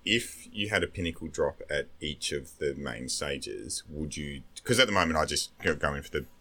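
A man's voice: very deep voice, lively intonation, normal speed, sharp tone. A man co-hosting a casual gaming podcast, swearing freely and laughing at crude jokes. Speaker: podcast co-host.

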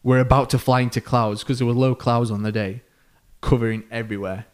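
A man on a podcast, spinning a story in a relaxed, chatty way. He acts out each person's lines with lively swings in pitch and loudness, and he fills the pauses with ums and uhs. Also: smooth. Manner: animated storyteller who acts out quoted voices, with fillers. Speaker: podcast co-host. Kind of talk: casual storytelling.

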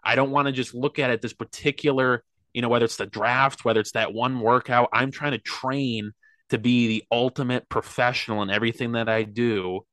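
A man's voice: mid-range voice, fairly even intonation, brisk, fairly bright tone, dry recording. A young man talking earnestly and rambling with lots of fillers in a casual podcast chat. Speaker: podcast guest, athlete.

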